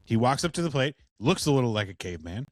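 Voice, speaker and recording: A man's voice: mid-range voice, very animated, quick pace, no room sound, clean studio sound. A man co-hosting a casual chat, ranting with heavy swearing. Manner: profane, ranting. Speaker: podcast co-host.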